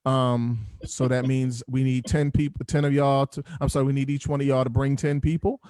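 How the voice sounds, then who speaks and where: A man hosting a group video call, joking and chatty from a dark room at home. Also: medium pitch, flat delivery, moderate pace, clean tone, no room sound, clean studio sound. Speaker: host. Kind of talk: casual video call chat. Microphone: headphones on a video call.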